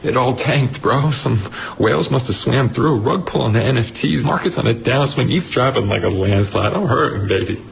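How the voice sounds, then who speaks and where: A man's voice: mid-range voice, moderate pace, gravelly, a little hiss or hum, natural voice. A man playing a slangy, boastful young crypto bro who ends up broke and pleading. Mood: bragging.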